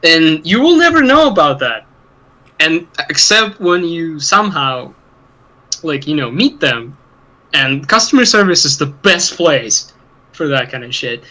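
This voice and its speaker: Bright-voiced man, rambling and profane. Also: on the high side, sing-song, a little slow, rough recording. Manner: rambling, profane, laughs often. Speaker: podcast co-host. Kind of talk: casual chat.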